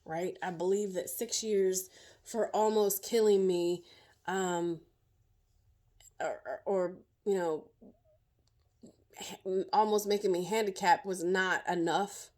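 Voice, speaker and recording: A middle-aged woman sharing her own story as a survivor, in emotional, halting personal testimony full of fillers and restarts. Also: medium pitch, steady tone, darkish tone.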